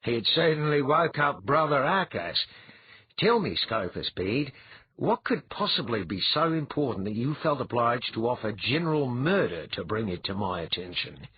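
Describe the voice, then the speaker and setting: A man's voice: medium pitch, very animated, moderate pace, breathy edge, dull audio, voice pushed up. A man voicing an anxious senior male priest in an audiobook, fretful and easily alarmed. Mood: wry. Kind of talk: audiobook character voice.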